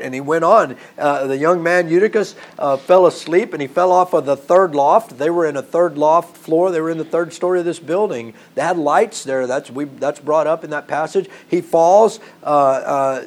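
A man preaching a sermon in an earnest way, often repeating himself and building to animated emphasis. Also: a little high.

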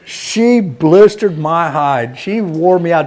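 Male preacher, slightly raised pitch, folksy storyteller, goes from loud to hushed. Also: expressive, slow pace. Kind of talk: sermon.

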